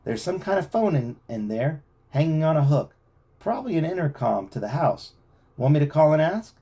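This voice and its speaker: A man's voice: a little high, very animated, normal speed, mellow, husky, pitched above the performer's own voice, heavily acted. A man doing bold teen boy Joe. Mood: eager.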